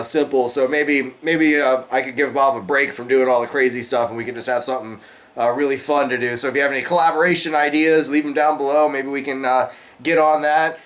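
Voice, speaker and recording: A man hosting a casual beer vlog, talking in a relaxed, rambling way with lots of fillers while he sips beer. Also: on the high side. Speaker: beer review vlogger, channel host. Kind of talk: casual chat to camera.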